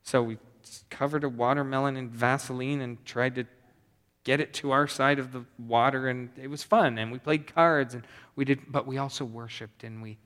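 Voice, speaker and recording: A man preaches to his congregation in a loose, talky way, often restarting and repeating phrases for emphasis. His voice sits at an ordinary male pitch. It rings out with the long reverb of a large hall. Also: moderate pace. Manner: conversational, animated preaching with repetitions. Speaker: pastor. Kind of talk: sermon.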